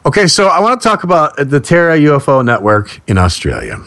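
Lively, playful male radio host. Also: a little high, a little fast. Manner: jokey, playful, laughs often. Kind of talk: casual radio interview.

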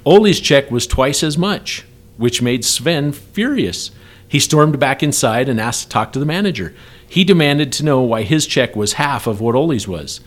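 A man's voice: mid-range voice, animated, normal speed. A man co-hosting a casual workplace podcast, telling a long joke story and laughing often. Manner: laughs a lot while telling jokes. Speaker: podcast co-host.

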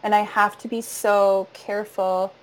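A woman's voice: medium pitch, flat delivery, measured pace, poor audio. A woman who teaches voice and narrates audiobooks, talking earnestly in a casual interview and laughing easily. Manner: warm, earnest, laughs often, demonstrates voice registers.

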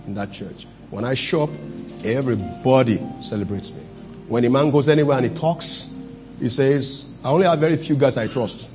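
Preaching pastor swinging loud and low. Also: male voice, lo-fi sound. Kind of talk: sermon.

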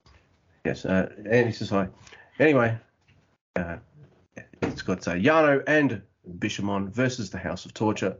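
A man co-hosting a casual wrestling recap podcast, animated and quick to laugh. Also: lowish voice, breathy edge, dull audio. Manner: animated, mimics wrestlers with loud yelps and laughs. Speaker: podcast co-host.

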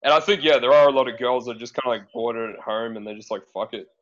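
A man's voice: medium pitch, quick pace, fairly bright tone. An Australian man talking casually as a podcast guest, laid-back, swearing and hedging with lots of fillers. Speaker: guest, dating profile coach. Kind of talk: casual chat. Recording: dull lo-fi sound.

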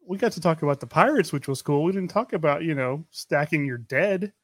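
A man's voice: a little high, lively intonation, brisk, a bit bright, no room sound. A man co-hosting a podcast, telling rambling stories in casual chat and laughing often. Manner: rambling, laughing storyteller with restarts. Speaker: podcast co-host.

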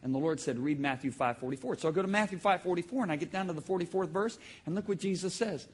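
A man preaching a sermon to a congregation, telling stories with sudden shouts and emphatic, drawn-out phrases. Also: sits high, husky. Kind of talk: sermon with audience call-and-response. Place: church hall with live congregation.

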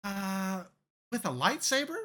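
A man's voice: high-pitched, sing-song, a little slow, sharp tone. A man in a casual chat, chiming in with brief, wry remarks. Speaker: podcast co-host.

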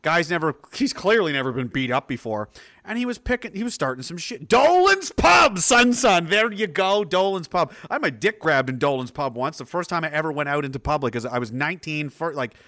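A man in his thirties from New Brunswick talks casually to his stream chat in a bright, forceful voice. He rambles through a profane story, restarting his sentences again and again, and his pitch swings widely. The sound is close and dry, with no room echo. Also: animated, quick pace.

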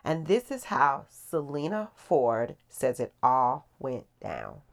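A woman hosting a podcast and giving a lively, expressive scripted narration. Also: rumbling low, slow pace, vocal fry. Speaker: podcast host.

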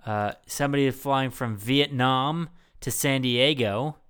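Male podcast host, jokey, clear tone, meandering. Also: mid-range voice, measured pace, fairly bright tone. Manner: rambling, jokey, many fillers. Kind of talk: casual podcast chat.

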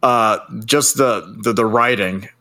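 A man's voice: on the low side, slow, pushed and bright. A man in casual movie chat, chiming in with blunt, sarcastic asides. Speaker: podcast co-host.

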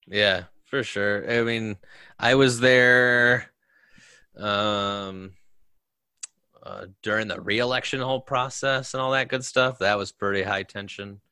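A low-voiced man with a bright, forward tone recounts his deployments in easy, rambling conversation, padding his stories with fillers. The sound is dry and close. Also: fairly even intonation, takes it slowly, clear, resonant tone, no echo. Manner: storytelling with many fillers. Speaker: veteran guest. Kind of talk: casual conversation.

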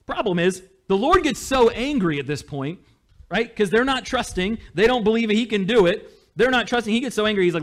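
A man preaching a sermon as pastor, in a conversational, animated way. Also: high-pitched, a little fast. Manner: conversational, animated, with small laughs.

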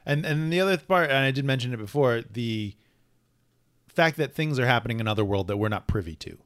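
A man co-hosting a casual comic book chat, thoughtful and measured, often restarting his phrases. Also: medium pitch, expressive, fairly bright tone, dry recording, clean studio sound. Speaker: podcast co-host.

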